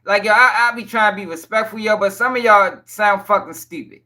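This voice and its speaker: A man's voice: high-pitched, brisk, pushed and bright. A man doing casual livestream commentary. He reads court papers aloud and answers his chat in blunt, profane slang, often repeating himself in exasperation. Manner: talks to chat viewers directly.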